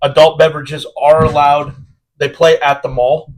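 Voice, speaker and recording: A man with a fairly high voice co-hosting a laid-back podcast. He talks in an upbeat, rambling way, with lots of "um" and "uh" as he goes. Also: flat delivery, moderate pace. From Iowa, United States. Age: adult with children. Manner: upbeat, rambling, many fillers. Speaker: podcast co-host. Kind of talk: casual podcast chat.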